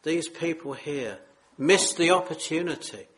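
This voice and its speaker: A man's voice: a little high, animated, measured pace, fairly bright tone. A man preaching a sermon, earnest and solemn, pleading with his listeners.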